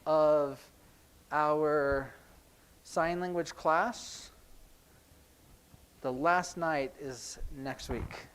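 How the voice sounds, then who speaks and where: A man teaching a sign language class in a church classroom, explaining in a relaxed, conversational way with frequent ums. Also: fairly high pitch, drawn-out words, long pauses, clear, resonant tone. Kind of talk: classroom lesson.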